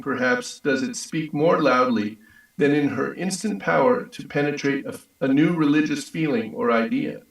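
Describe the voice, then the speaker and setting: Male reader, measured, gravelly tone, distant mic, heavy room echo. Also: medium pitch. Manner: steady, measured reading. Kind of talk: reading a text aloud.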